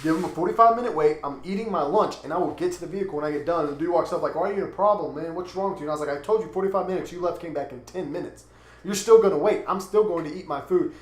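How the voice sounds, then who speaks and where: A man's voice: fairly high pitch, racing. A young man with a Texan accent, telling a story and ranting in a casual, profane podcast chat. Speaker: podcast co-host. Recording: echoey room.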